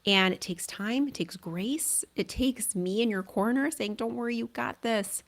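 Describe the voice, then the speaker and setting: A middle-aged woman hosting a parenting podcast, giving earnest, conversational advice and often checking in with "right?". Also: on the low side. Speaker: parenting coach and podcast host. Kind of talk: solo podcast advice talk.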